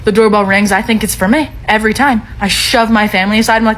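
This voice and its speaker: A woman's voice: medium pitch, steady tone, fast, a bit bright, a little hiss or hum, low-quality recording. A woman telling a comedic story about herself in a wry, self-mocking way, acting out her own quoted remarks.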